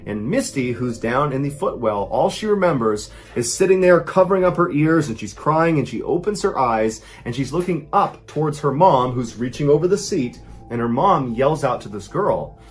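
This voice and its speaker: A man's voice: mid-range voice, expressive, normal speed. Man telling a suspenseful horror story. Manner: suspenseful, builds tension with rising intensity.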